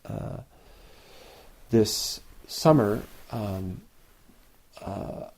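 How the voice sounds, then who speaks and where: A man's voice: on the low side, extremely slow, darkish tone. A man giving a reflective dharma talk as a Zen teacher, repeating phrases and sometimes chanting lines aloud. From Canada.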